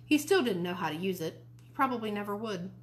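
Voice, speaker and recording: A woman's voice: mid-range voice, fairly quick, a little hiss or hum. Woman reading a children's book aloud. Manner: expressive reading, switching into character voices. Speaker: library storyteller.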